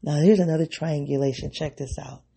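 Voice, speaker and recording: Man, solo podcast host, gravelly and husky, dark mellow tone, rambling reflective monologue. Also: on the high side, fairly even intonation, fairly quick. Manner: rambling, self-interrupting, addresses listeners as "y'all".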